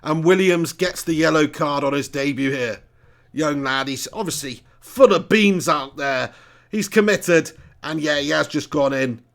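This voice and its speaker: A man hosting a live football watch-along, commentating as a fan, excitable and swearing, often laughing at his own jokes. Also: a little high, unhurried, gravelly.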